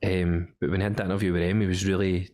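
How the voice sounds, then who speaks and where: A Scottish man co-hosting a podcast, chatting casually about football in a slangy, excitable way, calling people mate. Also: deep voice, fast talker. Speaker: podcast co-host.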